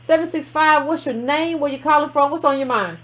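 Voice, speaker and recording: A woman's voice: sits high, fairly quick, fairly bright tone. A woman hosting a call-in show, giving sassy, emphatic commentary and taking callers.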